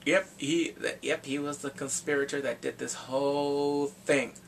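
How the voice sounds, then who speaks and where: A man with a fairly high voice tells a story in a loose, excitable ramble, stacking one "and then" on another. He sounds like a fan reviewing an episode on camera. A faint hiss sits under his voice. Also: measured pace, creaky. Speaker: TV show reviewer. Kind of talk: casual episode recap.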